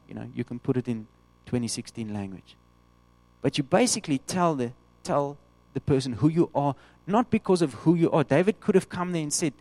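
A man preaching a sermon, animated, acting out the voices of the people he quotes. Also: medium pitch, brisk, dry recording.

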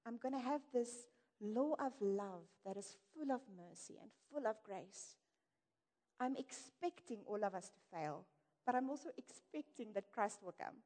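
A woman's voice: mid-range voice, animated, normal speed. A woman giving an earnest, candid sermon in a conversational way, speaking to a church. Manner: earnest, warm-hearted and candid, with light laughs. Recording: echoey hall reverb.

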